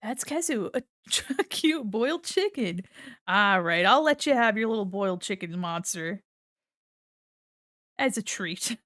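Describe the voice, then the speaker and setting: A woman's voice: mid-range voice, expressive, unhurried, fairly bright tone, no room sound, studio quality. A woman streamer chatting casually while she draws, playful and giggly, laughing often and talking to her chat at a desk mic. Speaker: art streamer. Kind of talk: casual commentary while drawing.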